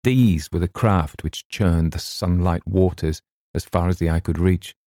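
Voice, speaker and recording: A man narrating a classic story in a measured, deliberate way. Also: low-pitched, dark tone, no echo, studio quality. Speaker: audiobook narrator. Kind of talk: scripted narration.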